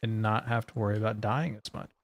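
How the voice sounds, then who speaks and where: A man's voice: lowish voice, fairly even intonation, quick pace. A man streaming a game, chatting casually and joking with his viewers in a rambling way. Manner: rambling and joking, talking to chat.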